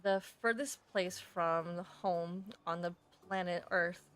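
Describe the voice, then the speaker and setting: A woman streamer chatting casually and reading a game letter aloud, haltingly, correcting herself and laughing often. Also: on the low side, fairly bright tone, clean tone.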